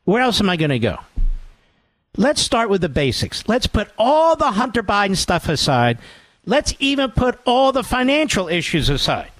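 A man's voice: high voice, wildly swooping pitch, moderate pace, a bit bright, no echo. Sarcastic combative talk radio man. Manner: combative, sarcastic, mocks others in put-on voices.

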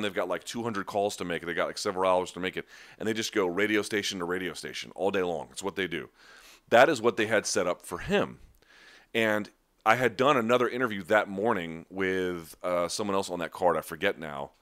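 A podcast host with a fairly bright, low-side voice casually answers questions from live chat. His replies ramble conversationally, with restarts and asides along the way.

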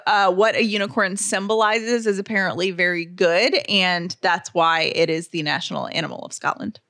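A woman's voice: lowish voice, fairly even intonation, moderate pace, a bit bright, dry recording, clean studio sound. A woman co-hosting a podcast, chatting casually and enthusiastically, laughing often while presenting fun facts. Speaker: podcast co-host. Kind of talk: casual chat.

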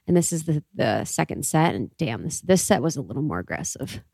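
A woman's voice: low-pitched, very animated, fairly quick, gravelly, a little mellow, husky, no echo, clean studio sound. A young adult woman with a slight lisp, co-hosting a podcast in casual, laughing chat. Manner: chatty, laughing, trailing off into asides. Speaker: podcast co-host.

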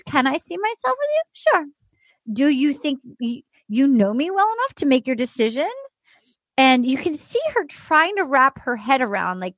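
A woman hosts a casual podcast chat, her voice pitched high and swinging widely as she retells scenes with emphatic energy. The sound is dry and close, with no room around it. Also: no echo. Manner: animated, emphatic storytelling with acted quotes. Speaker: podcast host. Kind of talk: casual chat recapping a dating show.

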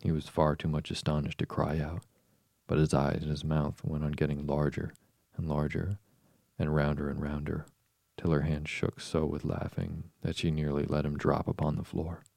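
A man narrating a storybook audiobook in a steady, measured reading. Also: a bass voice, creaky, no echo.

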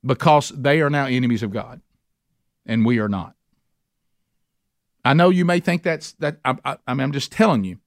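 A man's voice: medium pitch, lively intonation, moderate pace, pauses often, dry recording, studio quality. A man teaching a men's Bible study in an earnest, emphatic, folksy conversational sermon style.

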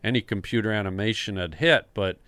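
Older male host, 60s, smooth clear voice, dry close sound, animated storyteller. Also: fairly low pitch, brisk, no room sound. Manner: animated storyteller, acts out quoted dialogue. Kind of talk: casual storytelling chat.

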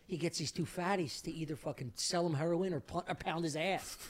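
A man co-hosting a podcast, telling a story in casual chat, excitable and dropping low when quoting others. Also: fairly quick. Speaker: podcast co-host.

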